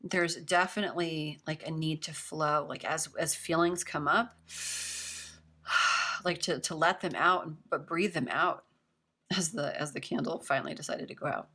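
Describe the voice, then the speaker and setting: A woman's voice: low voice, a little slow, bright, forceful tone. A young woman giving a casual tarot reading, chatty and reassuring, with lots of filler words. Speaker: tarot reader.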